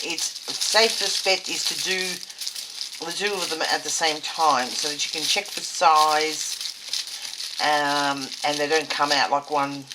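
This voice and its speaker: A woman hosting a casual doll-making tutorial, chatty and hesitant with frequent ums. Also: low voice. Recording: loud background noise.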